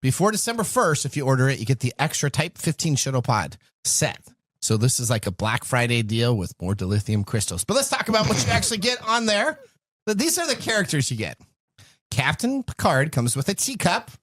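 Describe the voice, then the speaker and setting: A man's voice: mid-range voice, big pitch swings, fairly quick, a bit bright, dry recording, studio quality. A man hosting a tech and whiskey radio talk show, reading news items with jokes and laughing often. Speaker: host. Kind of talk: casual radio banter.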